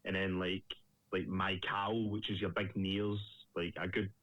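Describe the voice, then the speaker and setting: A man's voice: low voice, a little slow, no echo, highs cut off. A young Scottish man, a Muay Thai fighter, chatting casually as a guest and swearing freely. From Scotland. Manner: animated storyteller, swears freely. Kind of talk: casual interview chat.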